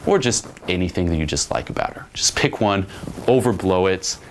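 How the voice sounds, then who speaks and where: Man, dating coach, low voice, blunt, profane, faint background hiss. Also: lively intonation, normal speed. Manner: blunt and profane, acts out quotes. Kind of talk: instructional monologue.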